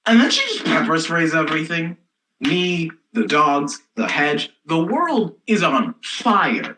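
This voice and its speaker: Casting: young actress as a snarky teen girl rebel, sarcastic storyteller, pitch swings widely. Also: very animated, slow pace, fairly bright tone, full character voice, low-quality recording. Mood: sardonic. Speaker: student actor. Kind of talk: comic stage monologue.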